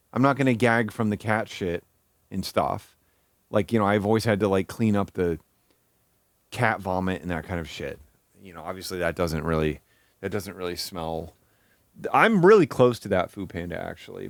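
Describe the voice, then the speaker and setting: A man's voice: lowish voice, dry recording, clean studio sound. A young man streaming live, talking casually and rambling, with many restarts and fillers.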